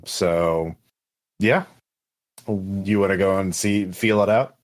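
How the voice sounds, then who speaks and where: A man's voice: low voice, slow pace. A man running a tabletop game as game master, talking in a loose, casual way. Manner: casual, loose, filler-heavy.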